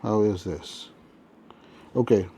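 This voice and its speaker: A man's voice: fairly low pitch, slow pace, warm tone. A man casually reviewing a toy, chatting and thinking aloud as he handles it, with faint noise in the background.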